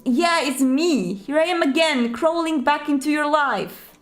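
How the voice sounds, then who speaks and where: A woman voicing a fragile young woman speaking through a crackling intercom, shaky and close to tears, with a high voice. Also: a little slow. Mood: wistful. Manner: shaky, tearful, wistful.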